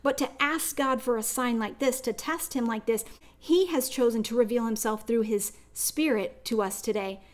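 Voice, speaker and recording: Woman doing a bible teaching, kinda high voice, earnest and reflective, tells little personal stories. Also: moderate pace.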